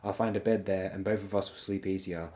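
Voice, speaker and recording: A man's voice: low-pitched, flat delivery, fairly quick, mellow, natural voice. A man voicing a wry, sardonic dwarf lord in a dry, courtly manner.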